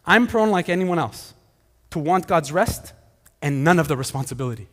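A male pastor preaching a conversational sermon, animated, with frequent restarts. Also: a little high, moderate pace. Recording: hall reverb.

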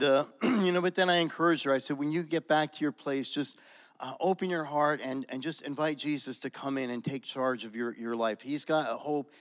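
A man giving a halting spoken testimony at a church gathering, full of fillers and restarts. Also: medium pitch, fairly bright tone. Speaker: church member sharing a testimony. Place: church service room. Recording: long hall reverb.

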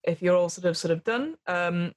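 A woman's voice: on the low side, normal speed. A woman narrating a tabletop horror game as game master, rambling with lots of fillers.

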